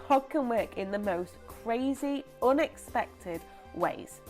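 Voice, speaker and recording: A young woman presenting a lively children's church story, chatty and animated. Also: fairly high pitch, slow, faint music behind. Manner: animated, chatty, acts out voices.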